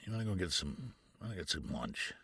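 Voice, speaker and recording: A man imitating an older fellow actor in a low, dry, murmuring deadpan. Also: fairly quick, vocal fry, breathy edge, no room sound, heavily acted.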